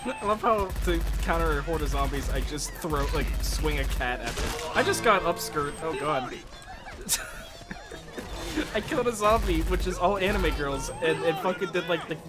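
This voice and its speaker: A lively, fairly high-voiced man chatting casually while he plays, cursing and laughing at the game. His voice swings up and down a lot. Loud game music plays behind him. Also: normal speed, hardly any pauses. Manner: swearing, laughing, joking. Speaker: streamer. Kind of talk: casual gaming chat with friends.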